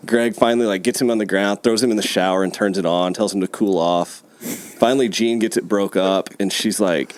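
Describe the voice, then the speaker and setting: Laid-back low-voiced man telling stories. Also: fairly even intonation, moderate pace, no echo. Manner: laid-back storyteller, laughs often, says "dude" and "man". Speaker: podcast guest. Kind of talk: casual chat.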